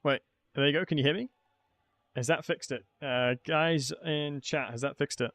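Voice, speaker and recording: A young man with a slightly high, somewhat bright voice talks briskly while streaming his strategy game tournament match. He keeps the chat casual, joking and poking fun at himself.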